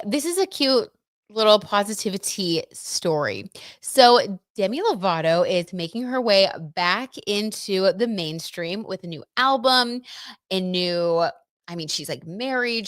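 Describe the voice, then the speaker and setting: Chatty young woman, low voice. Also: dry recording, clean studio sound. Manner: chatty, gossipy, lots of "like" and "you know". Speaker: livestream host reading tarot and celebrity gossip. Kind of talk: casual livestream chat.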